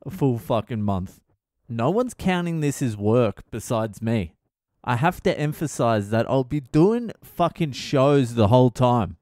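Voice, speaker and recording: Male comic, middle-aged, wry rambling sweary solo podcast, mid pitch, dead-dry mic. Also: animated, unhurried, a little mellow, no echo. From Australia. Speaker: comedian podcast host. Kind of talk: casual solo podcast monologue.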